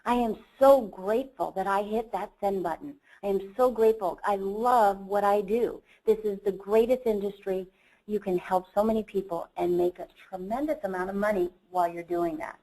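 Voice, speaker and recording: A woman's voice: mid-range voice, fairly even intonation, moderate pace, warm tone, rough recording. Earnest woman telling a motivational story. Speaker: company CEO and seminar presenter. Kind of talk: motivational seminar talk.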